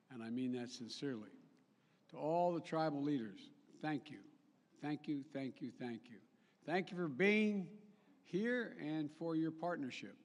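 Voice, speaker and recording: A man giving a formal public speech as a national leader, emphatic, with repetitions, restarts and joking asides. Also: on the high side. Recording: long reverb.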